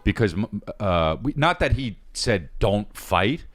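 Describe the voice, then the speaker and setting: A man's voice: lowish voice, sing-song, takes it slowly. A man co-hosting a podcast, rambling through a story about his son and often chiming in with agreement. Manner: rambling, lots of agreeing yeahs. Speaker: podcast co-host. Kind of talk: casual podcast banter.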